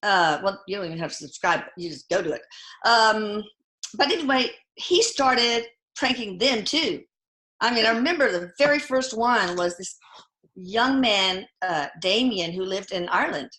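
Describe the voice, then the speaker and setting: A woman guest telling personal stories in a casual, animated way, often lifting her voice when quoting others. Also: medium pitch, moderate pace, echoey room. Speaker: guest, physician and mother. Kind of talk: conversational storytelling.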